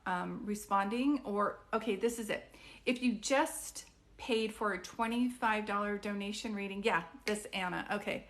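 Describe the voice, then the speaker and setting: A woman doing psychic readings on a live stream, chatting with viewers in an excitable, rambling way. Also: mid-range voice. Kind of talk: casual live-stream chat.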